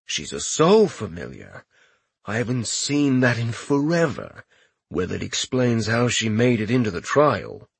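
Man putting on a smug taunting giant, odd warped timbre, husky, dry close sound. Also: medium pitch, sing-song, measured pace, no echo, pitched below the performer's own voice, exaggerated voice. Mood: cocky. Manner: shifts into put-on voices, one a thick Latin accent. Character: cocky mocking male giant brawler.

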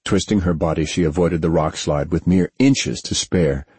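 A man reading a story aloud as a narrator, in a steady, measured way. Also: low-pitched, husky, dry recording. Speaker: audiobook narrator. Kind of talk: scripted narration.

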